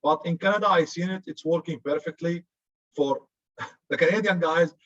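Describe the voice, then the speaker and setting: A man's voice: on the high side, normal speed, a bit bright, highs cut off. Joking Arabic-accented male lecturer. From Arab region. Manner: chatty, joking, says "good" often. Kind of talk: classroom lecture.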